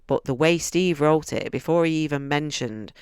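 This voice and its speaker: A man's voice: a little high, normal speed, smooth, no room sound, studio quality. A man giving a casual, enthusiastic book review, chatty and often restarting his sentences. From United Kingdom.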